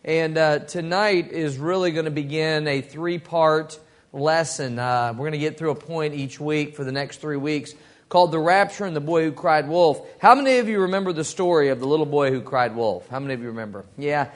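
Man, Bible study teacher, folksy storyteller, slightly high voice. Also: moderate pace. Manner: folksy storytelling with acted quotes.

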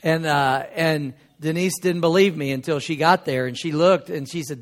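Middle-aged male preacher, fairly high voice, loose conversational delivery with jokes. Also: moderate pace. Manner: conversational, joking with the congregation. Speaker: pastor. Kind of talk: sermon.

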